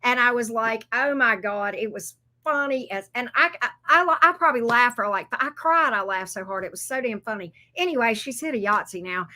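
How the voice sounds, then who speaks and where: A woman's voice: a little high, sharp tone. A woman, chatting casually while she gives tarot readings on a livestream, loose and joking. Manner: chatty and loose, laughs and swears, talks to chat and her pets.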